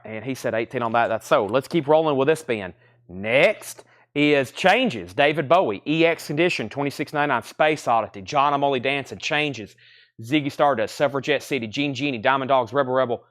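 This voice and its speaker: A man hosting a live online record sale. He briskly lists titles and prices and repeats them as he goes. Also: medium pitch, a bit bright. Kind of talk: live online sales stream.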